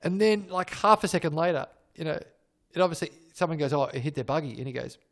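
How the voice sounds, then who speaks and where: A man co-hosting a casual chat, making wry jokes and giving quick short agreements. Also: fairly high pitch, expressive, vocal fry. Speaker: podcast co-host.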